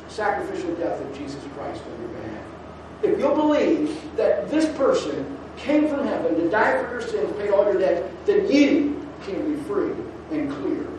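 Male pastor, fairly high voice, preaching with loud urging and soft asides, far from the mic in a very echoey hall. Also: background noise. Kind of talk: sermon. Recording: distant mic in an echoing hall.

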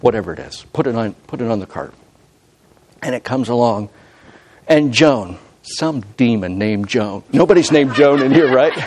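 Conversational male pastor preaching. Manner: conversational preaching with repeated restarts and self-corrections; climbs loud and high when quoting God's voice. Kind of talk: sermon.

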